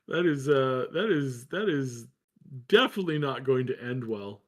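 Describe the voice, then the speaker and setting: Guy co-hosting a games news stream, wry and sarcastic, middle pitch. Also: very animated, normal speed, fairly bright tone. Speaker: co-host of a gaming news stream. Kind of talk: casual chat.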